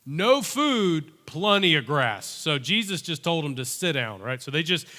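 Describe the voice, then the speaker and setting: A male pastor delivering a sermon as animated storytelling, acting out the characters' voices. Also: fairly high pitch, measured pace. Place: church. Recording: long church-hall reverb.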